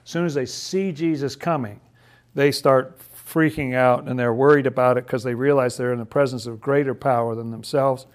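A man's voice: mid-range voice, fairly even intonation, moderate pace. A man leading a casual Bible study, chatty and laughing often, who acts out the figures' lines in playful voices.

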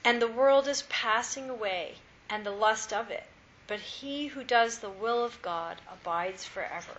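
A woman with a bright, somewhat high voice reads scripture aloud at a steady, measured pace. The recording is dull and lo-fi. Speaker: scripture reader.

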